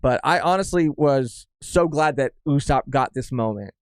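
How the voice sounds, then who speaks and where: A young man co-hosting a podcast in casual chat, rambling and halting with frequent restarts. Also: medium pitch, smooth, no room sound, clean studio sound. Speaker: podcast co-host.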